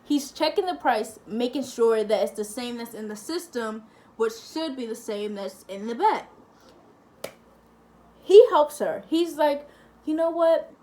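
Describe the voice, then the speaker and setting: High-voiced young woman telling a story. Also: a little slow. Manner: lively, chatty storytelling, acting out the other people. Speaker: family-channel vlogger. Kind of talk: casual storytime to camera.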